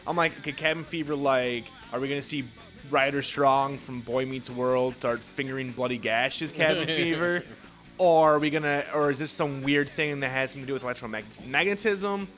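A young man co-hosting a casual chat about a TV show, excitable and profane, often jumping into quoted voices. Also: mid-range voice, a little fast, soft background music. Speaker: podcast co-host.

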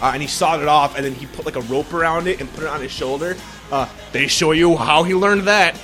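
A man in casual podcast chat, reviewing a film in a rambling, excitable way, swearing heavily and full of filler words. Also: fairly high pitch, a little fast, faint music behind. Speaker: podcast co-host reviewing a movie.

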